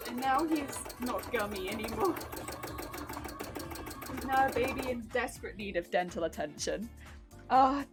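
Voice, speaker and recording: Bubbly high-voiced woman streaming. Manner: bubbly, excitable, chatty. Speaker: craft streamer. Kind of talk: casual livestream chat while sewing. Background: background music and sewing machine.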